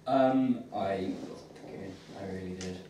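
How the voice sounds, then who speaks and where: A man's voice: sits low, measured pace, mellow, slight background noise. A man co-hosting a casual comic review in an easygoing, agreeable way. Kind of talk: casual chat. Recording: echoey room, mic at a distance.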